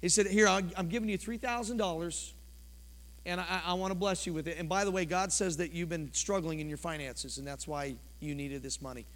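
A pastor preaching a sermon in a church, his delivery impassioned and swinging from loud to quiet. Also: high-pitched, steady tone, fairly quick. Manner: impassioned preaching, rising and falling sharply. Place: church sanctuary. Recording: long church reverb.

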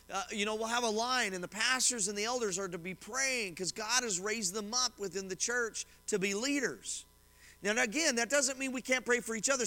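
A middle-aged male pastor teaching a sermon from scripture and commentaries, quick and conversational with reassuring asides to his congregation. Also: sits high, bright, forceful tone. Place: church sanctuary. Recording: reverberant church hall.

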